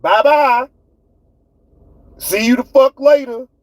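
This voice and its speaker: A man's voice: very high voice, slow pace, no room sound, low-quality recording. A man with hosting his own livestream, ranting at his chat in a fiery, profane way. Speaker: livestream host. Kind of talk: heated livestream rant.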